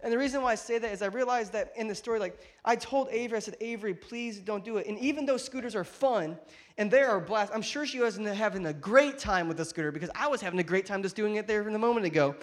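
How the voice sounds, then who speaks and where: Male pastor, high voice, lively and jokey storyteller preaching to his church. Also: fast. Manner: animated, jokey storyteller who addresses the congregation directly. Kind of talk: sermon with personal storytelling. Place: church auditorium.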